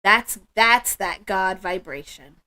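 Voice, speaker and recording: A woman hosting a spiritual livestream, chatting with viewers in an emotional, affirming way. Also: mid-range voice. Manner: warm, emotional, affirming, slow and soft-spoken. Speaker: livestream host.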